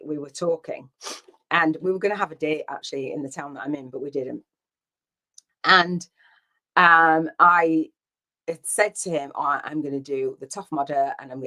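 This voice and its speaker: A woman's voice: deep voice, bright, forceful tone. A woman hosting a casual solo podcast, telling a story in a rambling way, full of fillers and quoted back-and-forth. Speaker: podcast host.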